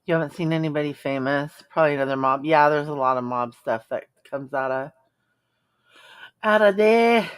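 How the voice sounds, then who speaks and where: A woman's voice: rumbling low, level tone, quick pace, hardly any pauses, clear, resonant tone. A woman hosting a live stream, chatting casually and bluntly with viewers, sarcastic and full of ums. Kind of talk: casual chat reacting to viewer comments.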